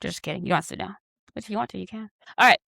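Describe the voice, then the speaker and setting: A woman's voice: medium pitch, rapid-fire, vocal fry, sharp tone, dry recording. Chatty young woman, dry close sound. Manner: chatty, affectionate, digressive, teasing asides. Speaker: astrology host. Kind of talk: casual spoken astrology talk.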